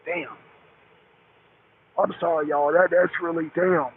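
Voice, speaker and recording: A man's voice: high-pitched, normal speed, gravelly, slightly rough. A middle-aged man, a truck driver, calling into a talk show, rambling and repeating himself, cursing heavily as he talks. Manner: rambling, repetitive, heavy cursing. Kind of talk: call-in talk show chat. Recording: tinny phone line with faint hiss.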